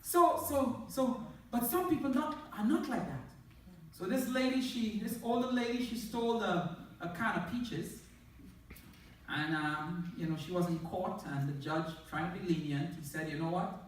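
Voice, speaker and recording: A woman's voice: medium pitch, moderate pace, a little hiss or hum. A woman counselor giving a humorous talk to an audience, telling jokes and anecdotes. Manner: jokey anecdotal storytelling. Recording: echoey hall from far off.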